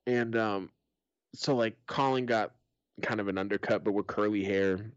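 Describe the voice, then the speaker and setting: A man's voice: lowish voice, moderate pace, dry recording, dull audio. A middle-aged man on a podcast, telling family stories in casual chat, swearing often and laughing as he goes. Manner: profane, laughing storyteller. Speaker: podcast co-host.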